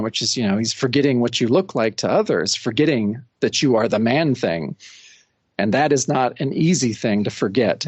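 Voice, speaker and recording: A co-host of a comic book podcast, excitedly retelling the panels and quoting the characters. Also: medium pitch, no room sound. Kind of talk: casual comic book discussion.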